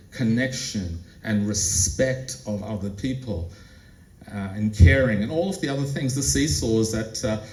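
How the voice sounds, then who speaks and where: A man gives a talk in a conference room, telling stories in a relaxed conversational way and turning to the audience with questions. His voice sits at an ordinary pitch. It echoes around the room and comes from some way off the microphone, with faint ambience behind. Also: a little hiss or hum. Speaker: presenter. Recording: roomy, distant mic.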